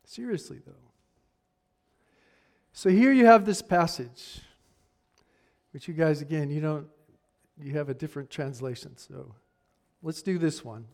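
A man preaching a sermon in a conversational way, dropping to near-hushed asides and then rising to fired-up emphasis. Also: on the high side, a little slow, pauses often.

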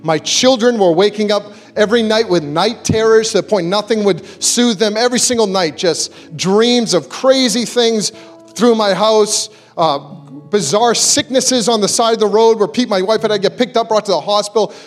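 A man preaching to a church, telling a personal testimony in an animated storytelling way and acting out the quotes. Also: high-pitched, normal speed, faint music behind. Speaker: church speaker giving a testimony. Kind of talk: storytelling sermon.

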